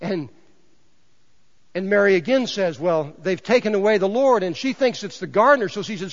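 A man preaching a sermon as pastor, telling the story and moving between hushed and emphatic delivery. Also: high-pitched, animated, normal speed. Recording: dull sound in a large hall with long reverb.

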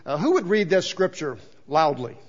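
A man's voice: a little high, big pitch swings, normal speed, slightly rough, highs cut off. A man preaching a sermon in a chapel, talking conversationally and asking the congregation questions. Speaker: pastor. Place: church chapel.

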